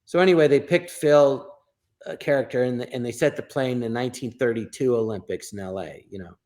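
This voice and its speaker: A man, a guest comedian, telling anecdotes and acting out the people in them with animated bursts. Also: medium pitch, brisk. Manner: acts out quoted voices in animated bursts. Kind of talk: storytelling anecdotes.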